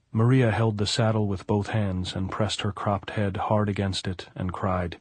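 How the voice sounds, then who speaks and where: A man narrating a novel as an audiobook in an even, measured way. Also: lowish voice, breathy edge, no echo. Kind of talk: scripted narration.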